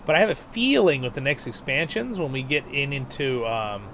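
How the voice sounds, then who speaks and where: A man's voice: mid-range voice, big pitch swings, moderate pace, a bit bright, a little hiss or hum. A man hosting a casual game livestream, chatty and laughing, reading out chat messages, with a stuffed-up nose. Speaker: livestream host.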